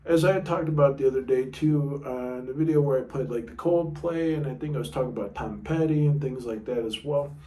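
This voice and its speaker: A man's voice: medium pitch, brisk, few pauses, dark tone, far from the mic. Casual man teaching guitar in an echoey room. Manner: loose and thinking aloud, checks notes mid-sentence; talks with a pick in his mouth at times. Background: guitar playing.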